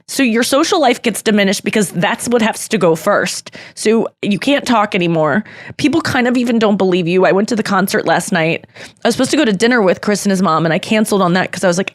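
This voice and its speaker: A woman's voice: medium pitch, expressive, no echo, studio quality. Candid chatty woman podcast host. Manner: candid and confessional; quick, chatty, with laughs. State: irritated throat. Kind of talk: casual chat.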